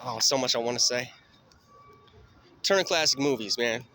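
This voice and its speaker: Over soft background music, a man vlogs his night walk down a city street, speaking at a moderate pace in a bright, forceful mid-range voice. His talk rambles and turns profane as one thought runs into the next. Faint street noise and passing cars are audible.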